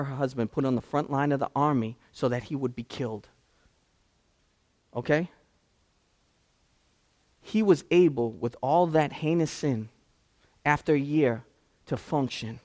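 A man's voice: mid-range voice, a little mellow. A man, a pastor, preaching a conversational sermon that swings from casual asides to impassioned climaxes.

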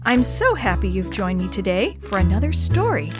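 A middle-aged woman reading a children's story aloud in a gentle, expressive storytelling voice. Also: medium pitch, normal speed, over music.

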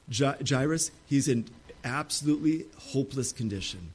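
Dramatic preaching man, fairly high voice. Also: animated, a little slow. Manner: dramatic, acts out Bible figures' pleas. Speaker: pastor. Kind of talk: sermon.

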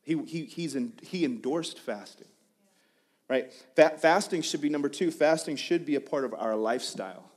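A man preaching a sermon with a casual, conversational delivery. He talks in bursts and often restarts his phrases, his pitch swinging up and down. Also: expressive, moderate pace. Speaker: pastor.

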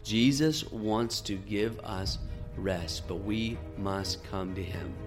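A man in his thirties giving an earnest, gentle devotional sermon as a podcast host, often dropping to soft tones. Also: lowish voice, takes it slowly, over music.

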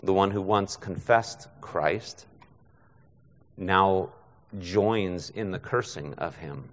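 A deep, fairly bright voice moves slowly through a conversational expository sermon in a large hall. The man is a guest preacher who frequently asks his listeners "right?".

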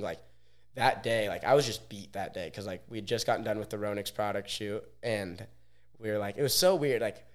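Laid-back young man telling stories. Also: fairly low pitch. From Oregon, USA. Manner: laid-back, fills speech with "like". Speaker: podcast guest, pro athlete. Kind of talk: casual storytelling.

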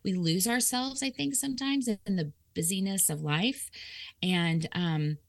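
A woman's voice: mid-range voice, unhurried, vocal fry, dry recording. A woman author telling a personal story in conversation, laughing often and acting out her own thoughts. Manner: lively, laughing, acts out quoted thoughts. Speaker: author guest.

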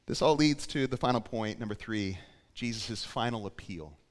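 A man preaching a sermon as pastor, moving between quiet emphasis and loud, urgent appeals. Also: on the low side, normal speed. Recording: long hall reverb.

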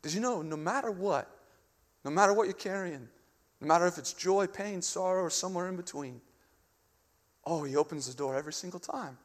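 High-voiced preacher in an echoing hall. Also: male voice, fairly quick. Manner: passionate, swings between loud urging and hushed intimacy. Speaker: pastor. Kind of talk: sermon. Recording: long reverb of a large hall.

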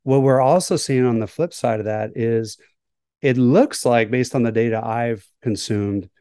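A man's voice: medium pitch, a little slow, warm tone, smooth, dry recording, studio quality. A man, a workplace psychologist, answering interview questions in a thoughtful, hedging way. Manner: thoughtful, hedging with "right?" and "kind of".

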